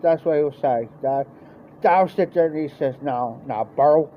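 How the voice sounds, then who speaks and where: A man's voice: a little high, moderate pace. A man with a Midwestern American accent telling a rambling, folksy story on a live stream and acting out the voices of the people in it. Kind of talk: casual storytelling. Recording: dull lo-fi stream audio, faint noise.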